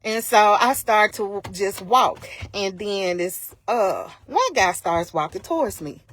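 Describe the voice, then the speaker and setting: A woman's voice: mid-range voice, slow pace. A woman on a live stream, emphatically retelling an incident in casual storytelling and acting out the dialogue. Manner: animated, emphatic, acts out quoted dialogue. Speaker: vlogger retelling a personal incident. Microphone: phone on a live stream.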